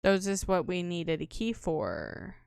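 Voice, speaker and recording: A woman's voice: fairly low pitch, very animated, slow pace, creaky, darkish tone, clear, resonant tone, dry recording, studio quality. A woman playing a video game, muttering offhand reactions as she goes. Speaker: let's-play gamer. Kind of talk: casual play-through commentary.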